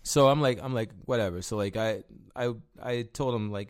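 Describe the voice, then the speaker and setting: A man in a clean-sounding recording chats at a moderate pace with hardly any pauses, his voice mid-range. He tells meandering stories from his time bouncing at a bar, loaded with filler words and free-flowing swearing.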